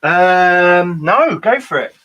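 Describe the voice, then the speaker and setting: A man who runs the group's games, chatting casually and chipping in with quick interjections. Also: sits high, lively intonation, sharp tone, dull audio. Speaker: co-host and game master. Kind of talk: casual chat.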